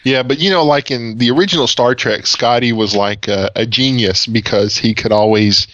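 Bright-voiced man explaining tech tips. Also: mid-range voice, moderate pace, no echo, lo-fi sound. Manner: explanatory, rambling with fillers. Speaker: podcast co-host. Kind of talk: casual tech podcast chat.

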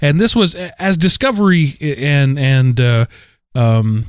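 A man's voice: fairly high pitch, unhurried, clean tone, no room sound, clean studio sound. Chatty fortyish man telling a story. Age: 40s. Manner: rambling storyteller, many fillers and restarts, animated. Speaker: podcast co-host. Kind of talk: casual chat.

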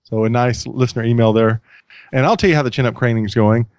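A male podcast host talking in an easygoing, rambling way, often restarting his sentences. His voice sits at a middle pitch. The recording is dry and close, with no room sound. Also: fast, clear, resonant tone, no echo. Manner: relaxed, rambling with restarts and self-deprecating laughs. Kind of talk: casual podcast chat.

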